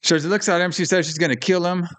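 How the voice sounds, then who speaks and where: Animated man recapping a movie. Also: high voice, fast. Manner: animated retelling, acts out lines, swears. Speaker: podcast co-host. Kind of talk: casual film recap chat.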